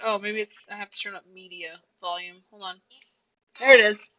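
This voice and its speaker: A woman's voice: mid-range voice, steady tone, moderate pace, pushed and bright. A young woman streamer chatting casually and rambling to herself while she plays a game. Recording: dull lo-fi recording.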